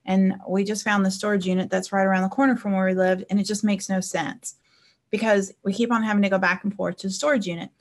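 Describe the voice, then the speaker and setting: A woman with a medium-pitched, fairly flat voice speaks quickly. She's a life coach chatting casually with viewers on a live stream, sharing personal anecdotes and checking in with them along the way.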